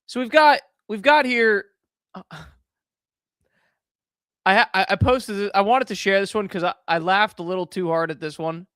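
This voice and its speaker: Here the streamer has a mid-range, fairly bright voice, moving at normal speed with long pauses. They read posts aloud and react casually, loose and slangy, saying "dude" and "man" and laughing repeatedly. There's no room sound, and it's studio quality.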